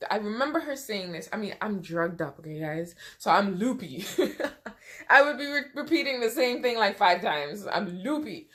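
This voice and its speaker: A woman's voice: medium pitch, fairly bright tone. Woman telling an emotional personal story. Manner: conversational, frequent "you know" asides; emotional, close to tears at times. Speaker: vlogger. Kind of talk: casual storytime.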